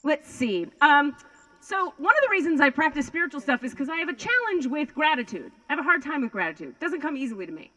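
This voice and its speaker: A woman performs stand-up comedy outdoors on a lawn before a crowd, rambling, swearing and mocking herself. Her voice is high-pitched and sharp, with big pitch swings and a quick pace, and the recording quality is low.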